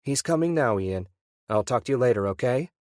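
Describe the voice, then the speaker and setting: A male narrator voicing a friendly young woman answering the phone, her speech soft and rounded, set well above his own pitch. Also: expressive, brisk, no echo, clean studio sound. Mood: warm, easygoing.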